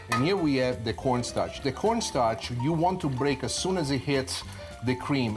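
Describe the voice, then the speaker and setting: Chatty Italian-accented man in his sixties. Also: mid-range voice. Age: 60s. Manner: chatty, explains each step with asides. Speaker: cooking instructor. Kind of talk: cooking demonstration. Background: music.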